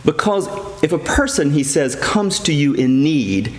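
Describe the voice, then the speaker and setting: Priest preaching in an echoey church. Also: male voice, a little high, big pitch swings, unhurried. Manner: earnest, emphatic preaching with repetition. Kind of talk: sermon. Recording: echoey church hall with long reverb.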